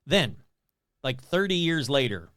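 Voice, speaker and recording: A man's voice: medium pitch, big pitch swings, unhurried, a bit bright, no echo, studio quality. A man hosting a podcast who talks in a sarcastic, rambling, self-mocking way. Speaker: podcast host. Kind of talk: casual comedic chat.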